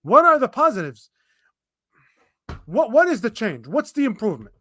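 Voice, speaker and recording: A young man hosting a football watchalong stream, ranting in exasperation with swearing, restarts and fast bursts of complaint. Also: very high-pitched, sing-song, sharp tone, no room sound, studio quality. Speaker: fan commentator reacting to a live match. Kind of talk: livestream watchalong rant.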